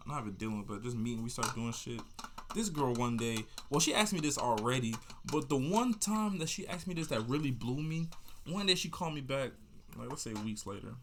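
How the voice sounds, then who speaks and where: A young man hosting a podcast, telling a story in a loose, rambling way, full of slang, asides and restarts. His voice sits at an everyday pitch and his delivery stays easygoing. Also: a bit bright, slight background noise. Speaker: podcast host. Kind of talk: casual storytelling monologue.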